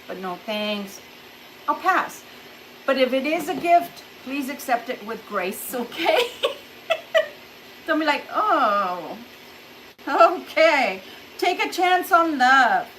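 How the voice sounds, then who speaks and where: High-voiced chatty woman reading tarot. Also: a bit bright, slight background noise, rough recording. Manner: chatty, laughs often, acts out quoted reactions. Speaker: tarot reader. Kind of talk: casual tarot reading to camera. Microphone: camera a little distant.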